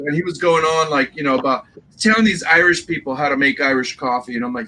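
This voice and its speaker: A man hosting a casual reseller livestream chat, telling animated, rambling stories full of acted quotes. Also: a little high, quick pace, a little hiss or hum, low-quality recording. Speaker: livestream host.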